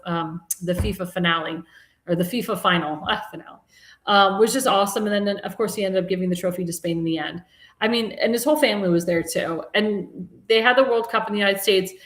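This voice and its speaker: Woman, talk show host, casual rambling chat, echoey room. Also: medium pitch. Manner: chatty, rambling, laughs at her own jokes. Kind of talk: casual live-stream commentary.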